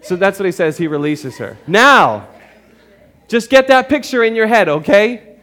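A man's voice: high voice, expressive, moderate pace, a bit bright. A male pastor preaching a sermon to his congregation in church, emphatic and conversational, often checking in with his listeners.

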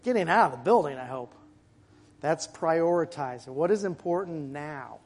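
A man preaching a sermon to his congregation in a church, in a conversational way with asides and quick jokes. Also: a little high, animated. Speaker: pastor. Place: church sanctuary.

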